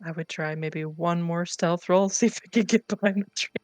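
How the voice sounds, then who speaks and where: A woman's voice: fairly low pitch, fairly even intonation, normal speed, darkish tone, no echo. A woman taking part as a player in a tabletop game, chatting casually about her character.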